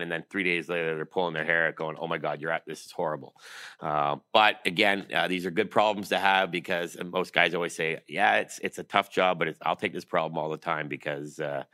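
A middle-aged man in a casual interview, telling stories quickly with plenty of fillers. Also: deep voice. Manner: fast, animated storyteller with lots of fillers. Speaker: guest, keeper of a trophy.

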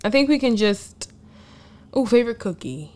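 A woman co-hosting a casual chat, talking loosely with drawn-out fillers and the odd swear word. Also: on the high side, expressive, darkish tone. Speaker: podcast co-host.

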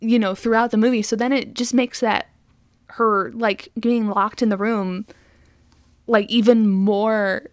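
A woman co-hosting a podcast in a casual, chatty film discussion. Her voice sits a little high for a woman. She is recorded close and dry, with no room around her. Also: unhurried, no echo. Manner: chatty, animated retelling with many "like" fillers and acted-out quotes. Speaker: podcast co-host.

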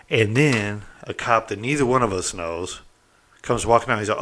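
A middle-aged man with a low voice spins a personal story in a loose, candid way. He keeps checking in with his listener and drops the odd curse word. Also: normal speed. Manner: candid and animated, peppered with "right?" and mild cursing. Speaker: storyteller recounting prison life. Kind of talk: casual anecdotal storytelling.

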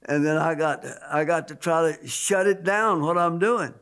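A man's voice: fairly high pitch, normal speed, a bit bright, smooth. A man giving a spoken religious testimony, emphatic, repeating key words and pushing his voice up on stressed points. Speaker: testimony speaker.

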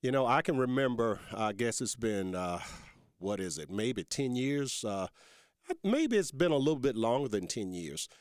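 A man's voice: medium pitch, big pitch swings, normal speed, clean tone, dry recording, studio quality. A man hosting a talk radio show, folksy and rambling, calling his listeners folks and growing emphatic and heated as he argues.

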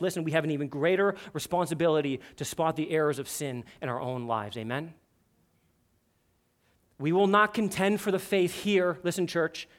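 A man in his thirties preaching a sermon to his church, earnest and lively, often repeating "listen" as he tells stories. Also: on the high side. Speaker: pastor. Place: church sanctuary.

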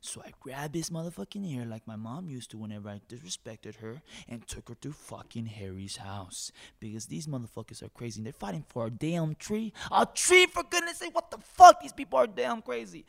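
A man playing a hot-tempered, foul-mouthed factory worker in an improvised comic story, ranting and bursting into shouts. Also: medium pitch, animated, brisk, gravelly, hardly any pauses.

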